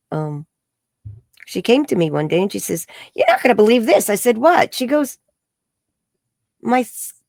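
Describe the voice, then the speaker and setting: A woman, an energy healer and psychic, telling a story in an interview and acting out the quoted dialogue in a higher voice. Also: vocal fry, no room sound, clean studio sound. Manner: acts out quoted dialogue with high bright voices.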